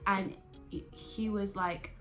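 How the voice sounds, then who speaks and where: Bright, excitable woman vlogger. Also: mid-range voice, slow pace, soft background music. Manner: excitable, rambling, jumps between thoughts. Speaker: vlogger reviewing a TV series. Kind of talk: casual reaction chat.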